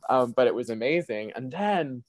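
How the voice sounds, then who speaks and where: A young man telling his own faith story as an interview guest, animated and full of "like" fillers. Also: mid-range voice, normal speed, no echo. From Sydney, Australia. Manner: animated, many "like" fillers, laughs often. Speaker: guest, Christian apologist. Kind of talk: personal testimony storytelling.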